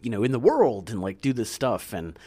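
A man's voice: medium pitch, big pitch swings, fairly quick, mellow, breathy edge. A man co-hosting a casual podcast about a film, reading background notes and joking with his co-host. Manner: reads background notes, joking and laughing often.

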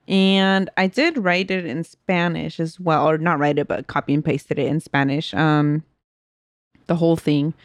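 Low-voiced woman, chatty and self-mocking. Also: sing-song, moderate pace, no room sound, clean studio sound. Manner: self-deprecating, laughs at her own stumbles. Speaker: podcast co-host. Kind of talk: casual podcast chat.

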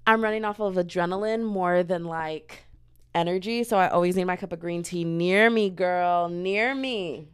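Sassy woman, smooth clear voice. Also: on the low side, moderate pace. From Southern United States. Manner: chatty, sassy, animated with sudden loud outbursts. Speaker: podcast host. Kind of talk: casual comedic monologue.

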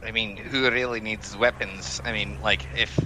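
A man's voice: fairly low pitch, steady tone, moderate pace, noisy background. A man playing a tabletop game, talking in a hesitant, rambling way full of fillers. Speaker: player. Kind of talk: tabletop role-play chat.

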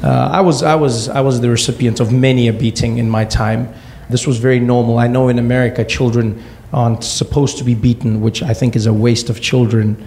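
Gravelly man telling a wry story. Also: mid-range voice, brisk, hardly any pauses, a little hiss or hum. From Africa. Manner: wry, deadpan asides. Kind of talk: comic personal storytelling.

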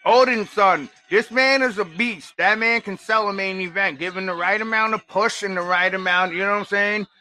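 A man hosting a casual radio watch-along, chatty and rambling with lots of fillers and sudden bursts of excitement. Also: high-pitched, normal speed, hardly any pauses, dry recording. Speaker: podcast host.

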